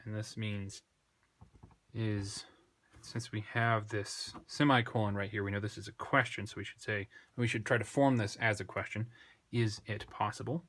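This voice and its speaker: A man with a fairly low voice talks through a language lesson at an unhurried pace. He thinks aloud, pauses over his words and corrects himself now and then. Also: steady tone, a bit bright. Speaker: Greek tutor. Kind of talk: unscripted screen lesson.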